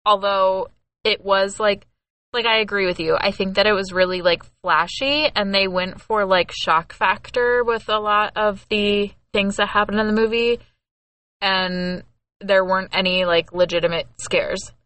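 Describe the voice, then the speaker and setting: Junge Frau, Podcast-Co-Host, helle Stimme, trocken aufgenommen, locker und plaudernd. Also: female voice, mid-range voice, fairly even intonation, a little slow, a bit bright, no room sound. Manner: chatty, laughs often, many fillers. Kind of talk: casual chat.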